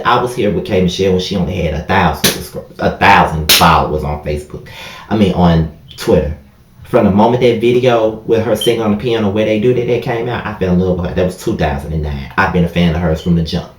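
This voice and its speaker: A man's voice: lowish voice, a little mellow. A man telling a heartfelt story in a casual storytime vlog, talking straight to his viewers and often saying "y'all" and "you know what I mean.". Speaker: vlogger. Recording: echoey room.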